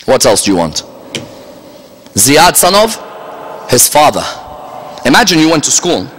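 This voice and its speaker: A man's voice: medium pitch, sing-song, unhurried, a bit bright, a little hiss or hum. Emphatic male preacher in an echoey hall. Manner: emphatic, rhetorical questions to the audience. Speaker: religious lecturer. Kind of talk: Muharram majlis sermon. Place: large religious center hall.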